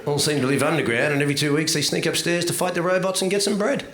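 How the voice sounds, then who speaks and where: A man doing a profane stand-up routine, swinging from low muttering to loud ranting outbursts. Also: very fast, noisy background. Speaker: stand-up comedian. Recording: live club recording with audience laughter. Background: crowd laughter.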